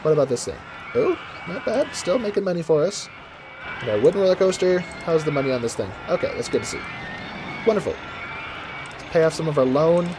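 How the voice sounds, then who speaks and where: A man's voice: fairly high pitch, animated, quick pace, long pauses, background noise. A man casually commenting on his game as he plays, chatty and rambling, correcting himself as he goes, from the United States. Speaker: gameplay commentator. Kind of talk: casual let's-play commentary.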